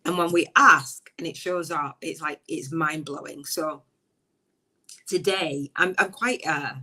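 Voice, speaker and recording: Excitable woman host on a live stream, low voice but bright and sharp, rambles a lot and laughs high. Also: unhurried, poor audio. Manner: emotional, enthusiastic, rambling with many restarts; frequent high bursts of laughter. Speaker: podcast host. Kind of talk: casual live-stream chat.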